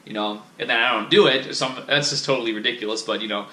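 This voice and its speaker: A man's voice: mid-range voice, fast, sharp tone, roomy sound. A man vlogging in a casual, rambling monologue, profane and self-critical, with many restarts.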